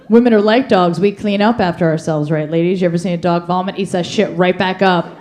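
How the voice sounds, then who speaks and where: A woman's voice: on the low side, fairly even intonation, a little fast, a little mellow. A female stand-up comedian on a comedy club stage, doing playful observational bits that act out how dogs and cats behave.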